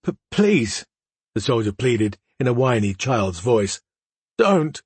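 A man's voice: mid-range voice, big pitch swings, slow, a little mellow, breathy edge, dry recording, full character voice. A man voicing a frightened young male soldier who pleads in a whiny, stammering voice. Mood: pleading.

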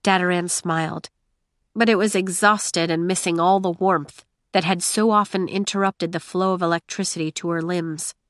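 A woman narrates an audiobook in a lowish, fairly bright voice with fairly even intonation at normal speed. The studio sound is clean, with no room sound.

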